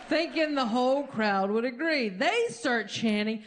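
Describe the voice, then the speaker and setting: A woman telling a long comic story on stage as a stand-up comedian, animated and jumping high in pitch when she acts out quotes. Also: unhurried, hardly any pauses, a little hiss or hum.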